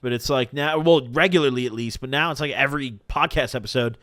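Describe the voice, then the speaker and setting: A man's voice: medium pitch, fast talker, no echo, clean studio sound. A young man hosting a podcast live stream, telling stories in a casual, profane, slang-heavy way. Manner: profane, animated storytelling with slang. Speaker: podcast host.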